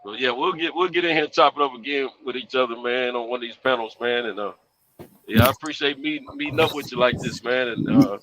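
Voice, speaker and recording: A man's voice: mid-range voice, fast, a bit bright, slight background noise. A tired man hosting a boxing chat, rambling and repeating his words in a laid-back way. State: tired, yawning. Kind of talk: casual chat. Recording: muffled lo-fi sound.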